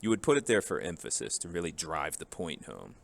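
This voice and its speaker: A man's voice: extremely low pitch, sing-song, fairly quick, gravelly. A man teaching a recorded Spanish grammar lesson in a casual, joking way, drilling forms one by one.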